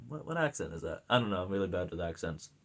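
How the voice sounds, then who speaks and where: An American movie reviewer speaks fast in a low, slightly bright voice with big pitch swings. His casual film review is rambling and enthusiastic, with plenty of fillers and restarts.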